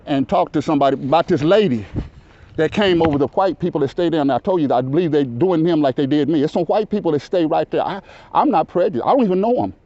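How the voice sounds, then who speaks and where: A man in his fifties telling a long story in casual conversation, talking loud and rambling, often asking "you know what I'm saying". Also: fairly high pitch, quick pace. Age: 50s. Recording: dull lo-fi recording.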